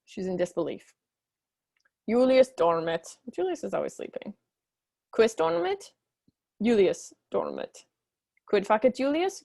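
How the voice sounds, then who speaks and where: Woman teaching Latin, dry gravelly voice. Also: animated, darkish tone, no room sound. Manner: reads Latin lines slowly, then explains quickly in English; acts out characters with high squeaky voices. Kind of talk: explaining a textbook story.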